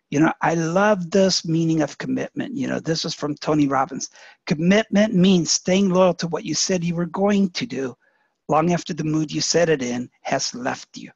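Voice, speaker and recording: A man's voice: on the high side, gravelly, slightly rough, dry recording. A man giving a motivational network marketing training, telling folksy stories and filling his talk with "you know". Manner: folksy storytelling with many "you know" fillers. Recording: muffled lo-fi webinar audio.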